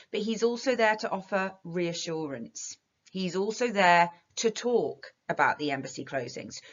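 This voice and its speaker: A woman's voice: lowish voice, fairly bright tone, dull audio. A British woman teaching an English lesson, chatty, with lots of fillers, analysing a text for revision.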